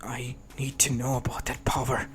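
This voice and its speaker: A man voicing a brooding young male ninja rival, speaking in a hushed, shaken way. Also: on the high side, little pitch movement, a little fast, soft background music, lightly acted.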